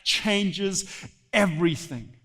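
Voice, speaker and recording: A male pastor preaching a sermon in a church sanctuary, animated and repeating phrases for emphasis. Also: sits high, takes it slowly. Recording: long church hall reverb.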